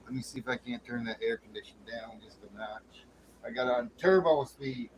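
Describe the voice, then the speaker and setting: A man hosting a late-night livestream chat in a folksy way, greeting viewers with loud whoops. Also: medium pitch, moderate pace, rough recording. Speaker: livestream host. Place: home studio with air conditioner running. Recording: faint air conditioner hum.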